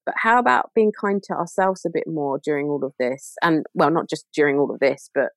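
A woman's voice: deep voice, fairly quick, creaky, dry recording. A woman speaking as a podcast guest in a casual chat, earnest and reflective, often restarting her sentences.

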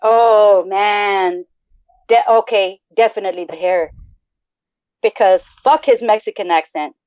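A woman co-hosting a podcast in casual chat, profane and animated as she rambles. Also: medium pitch, measured pace, no room sound. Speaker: podcast co-host. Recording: dull lo-fi sound.

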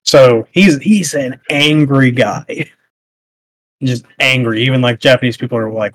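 A man's voice: mid-range voice, a little slow. A man co-hosting a casual podcast chat, rambling with lots of fillers and restarts as he recaps a show. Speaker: podcast co-host.

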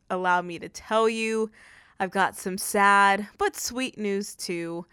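A young woman hosts a faith podcast, teary and talkative, with casual fillers and restarts. Her voice is smooth and clear, recorded dry and close to the mic. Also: mid-range voice, fairly bright tone, dry recording. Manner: emotional, chatty, many fillers. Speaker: podcast host. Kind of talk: faith-based podcast talk. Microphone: studio microphone.

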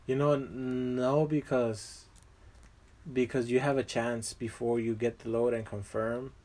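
A man's voice: mid-range voice, flat delivery, a little slow, darkish tone. A young man chatting casually as a guest, rambling with lots of fillers and slang. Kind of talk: casual chat.

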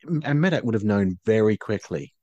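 A man co-hosting a casual chat, retelling a story in a measured way with hesitations. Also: fairly low pitch, lively intonation, mellow, no room sound, dull audio. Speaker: podcast co-host.

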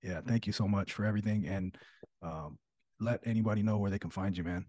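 Male host, casual and friendly; low, warm voice closing out the chat. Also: brisk, slightly rough, no room sound, studio quality. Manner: relaxed, friendly, says "man" often. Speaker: podcast host. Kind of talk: casual podcast wrap-up.

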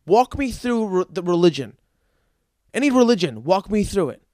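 A man's voice: high voice, sing-song, moderate pace, dark tone, no room sound, studio quality. A man giving a stand-up comedy rant, profane and exasperated.

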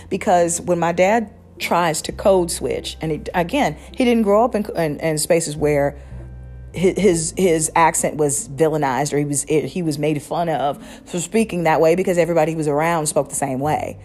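A woman's voice: deep voice, normal speed, darkish tone. A woman hosting a podcast, talking in a reflective, casual way with many restarts. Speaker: podcast host.

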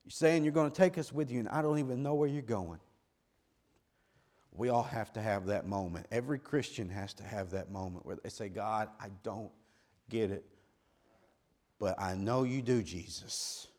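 A middle-aged male preacher delivering a sermon, dropping to slow, quiet words and then rising to loud hollering. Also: on the low side.

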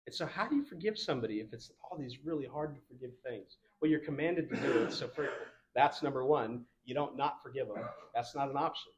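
A man's voice: medium pitch, fairly quick. A young adult man preaching a sermon in a casual, conversational way, with fillers and the odd laugh. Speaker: pastor. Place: church.

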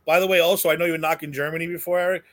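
A man's voice: a little high, little pitch movement, very fast. A man from New York co-hosting a casual talk show, blunt and opinionated, swearing casually. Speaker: co-host. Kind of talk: casual chat.

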